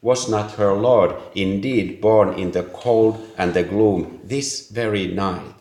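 Deep-voiced man reading a story slowly. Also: darkish tone. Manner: measured, earnest reading with small slips. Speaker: narrator. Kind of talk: audiobook reading. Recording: roomy echo.

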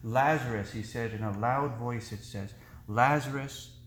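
A priest delivering a sermon in a church, with slow, earnest, deliberately paced preaching. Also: male voice, lowish voice, steady tone. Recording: echoey church room.

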